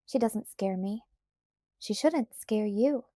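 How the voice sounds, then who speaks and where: A woman's voice: mid-range voice, slow pace, mellow, no echo, clean studio sound. A woman voicing a bold, spirited colonial girl who speaks with confidence in a lightly raised voice. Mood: defiant.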